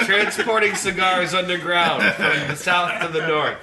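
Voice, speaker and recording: A man's voice: sits high, measured pace, reverberant, a crowd in the background. A young man co-hosting a casual podcast, dropping dry joking asides. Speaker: podcast co-host. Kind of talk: casual chat.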